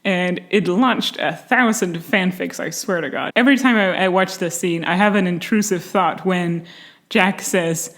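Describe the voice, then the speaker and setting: A woman hosting a casual commentary video, animated and sarcastic, often breaking into laughter. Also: fairly low pitch, measured pace. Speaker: video essay host.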